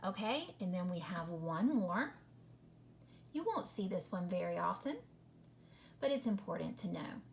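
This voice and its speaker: A woman teaching a phonics lesson to children, patient and questioning, sounding out each word slowly. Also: lowish voice, sing-song, vocal fry, darkish tone, a little hiss or hum.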